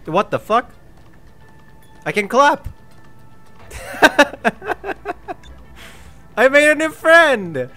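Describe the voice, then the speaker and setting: A male streamer with a cold gives live gameplay commentary, joking giddily and swearing often. His voice sits high for a man and he talks at an unhurried pace. Faint music plays behind him. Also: big pitch swings, bright, forceful tone. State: has a cold.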